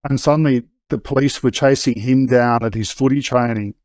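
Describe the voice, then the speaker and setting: A man's voice: mid-range voice, steady tone, normal speed, darkish tone, no room sound. Australian man telling his story. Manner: conversational, with frequent restarts and fillers. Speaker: guest. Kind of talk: candid personal storytelling.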